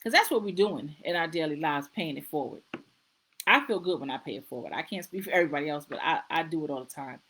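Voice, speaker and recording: A woman's voice: low voice, expressive, quick pace, fairly bright tone, slightly rough, low-quality recording. A middle-aged woman, a nurse practitioner, hosting a casual live-stream talk, earnest and repeating herself as she goes. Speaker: host.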